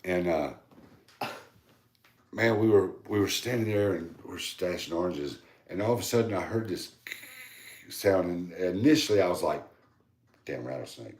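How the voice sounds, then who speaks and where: A podcast co-host with a very deep, low voice spins a long, rambling story in easy, casual talk that's animated and salty. He speaks at normal speed with frequent pauses, and the echoey recording sounds like a bare room.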